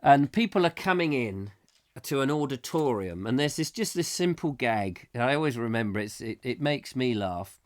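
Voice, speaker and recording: A man's voice: mid-range voice, expressive, moderate pace. A man, hosting a live comic chat show and telling a meandering story full of restarts. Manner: meandering, with many restarts, acting out scenes. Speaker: host.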